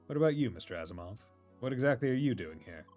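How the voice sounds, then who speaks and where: A man's voice: medium pitch, expressive, fast, darkish tone, soft background music, natural voice. Man reading a dry, skeptical man.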